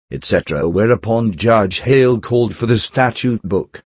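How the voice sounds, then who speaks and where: Man, husky, lowish voice, dry close sound, measured audiobook narration. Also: dry recording. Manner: steady, measured reading, with speaker tags read aloud. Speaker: audiobook reader. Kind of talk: scripted narration of an old text.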